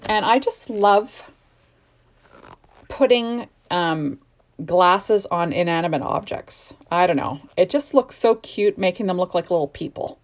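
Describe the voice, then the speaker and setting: Speaking on the low side with a darkish tone, a middle-aged woman from Canada narrates her home crafting tutorial as a card-making hobbyist. She yawns sleepily but stays chatty and gushing, full of meandering asides.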